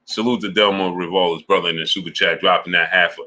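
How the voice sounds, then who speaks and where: Deep, forceful male streamer, slangy and animated, super chat shoutouts. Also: quick pace. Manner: animated storytelling full of slang, laughs often. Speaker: sports channel host.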